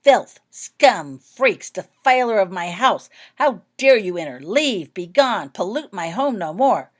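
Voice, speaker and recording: A woman voicing a hateful old woman in a magic portrait who rants and yells at intruders. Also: medium pitch, expressive, takes it slowly, pitched above the performer's own voice. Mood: raging. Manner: ranting, raving, furious yelling.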